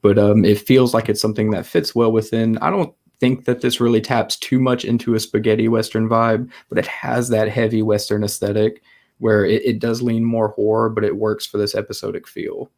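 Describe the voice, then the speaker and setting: A man's voice: on the low side, level tone, normal speed, darkish tone. Easygoing male interviewer, laughing along. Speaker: interviewer, host. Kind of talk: casual interview chat.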